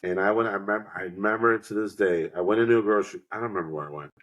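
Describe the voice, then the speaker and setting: Low-voiced rambling man telling stories. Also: racing, a bit bright, dull audio. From New York. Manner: rambling storyteller, acts out quotes. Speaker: podcast co-host. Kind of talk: casual chat.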